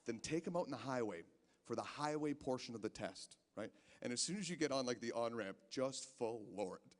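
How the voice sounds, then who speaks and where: On a casino stage, a comedian with a medium-pitched, expressive voice works through a rambling stand-up routine at a moderate pace, stumbling over restarts. His words ring out with the long reverb of a live hall.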